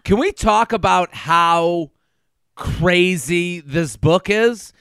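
A man's voice: sits high, very slow, clean tone, no room sound. A man co-hosting a podcast in casual chat, telling stories and acting out what people say. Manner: animated, acts out quotes with crude asides. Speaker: podcast co-host.

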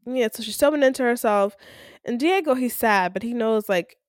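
A woman's voice: on the high side, moderate pace, no echo, studio quality. A woman co-hosting a recap podcast, casually retelling episode scenes and acting out the characters' lines. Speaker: podcast co-host.

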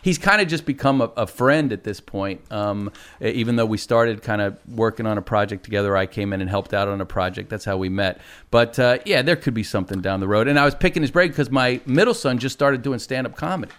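A man's voice: fairly low pitch, fairly quick, hardly any pauses, fairly bright tone, clear, resonant tone. A middle-aged man, a guest on a talk show, telling rambling stories in casual chat and often laughing.

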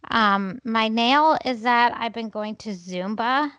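A woman co-hosting a podcast in a loose, chatty way, often breaking into laughter. Her voice sits a little high and sounds dry and close, with no room around it. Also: takes it slowly, fairly bright tone, clean tone, no room sound, lo-fi sound. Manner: chatty storytelling with frequent laughs. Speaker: podcast co-host. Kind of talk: casual chat.

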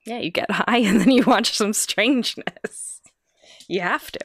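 A woman's voice: fairly high pitch, unhurried, fairly bright tone, dry recording, studio quality. A woman co-hosting a casual podcast, telling eerie stories with frequent laughs. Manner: giggly, storytelling. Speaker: podcast co-host. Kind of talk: casual chat.

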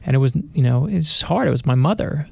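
A man's voice: a little high, animated, fairly quick, vocal fry, darkish tone, husky, dry recording, highs cut off. A middle-aged man, an author, telling personal anecdotes in a radio studio interview, acting out the voices he quotes. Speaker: best-selling author, interview guest. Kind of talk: animated storytelling.

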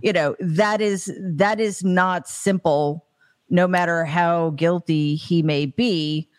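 A woman's voice: lowish voice, fairly even intonation, slow. A woman hosting a political discussion, talking bluntly and frankly. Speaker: podcast host.

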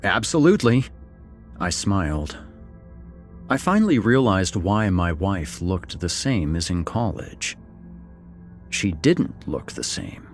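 Male narrator, low and animated, first-person fiction; faint music underneath. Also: slow pace. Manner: expressive, swings between wry and somber. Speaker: story narrator.

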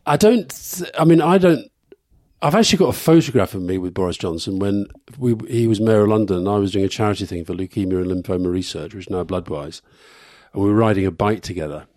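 A man's voice: on the low side, lively intonation, quick pace, darkish tone, dry recording, clean studio sound. A middle-aged man co-hosting a live podcast, rambling through anecdotes and chuckling at his own stories. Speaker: podcast co-host.

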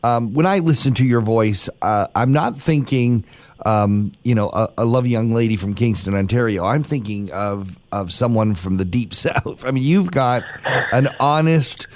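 A man hosting a radio interview, asking long questions in a halting way as he searches for words. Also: medium pitch, no room sound.

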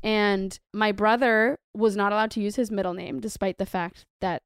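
A woman's voice: medium pitch, fairly even intonation, normal speed, smooth, no room sound, clean studio sound. A young woman co-hosting a podcast, telling frank stories with lots of giggling. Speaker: podcast co-host. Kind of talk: casual comedic chat.

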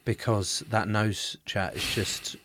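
An English man in his thirties hosting a podcast, telling a story in lively, sweary, casual chat. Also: on the low side, slow pace, noisy background. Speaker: podcast host.

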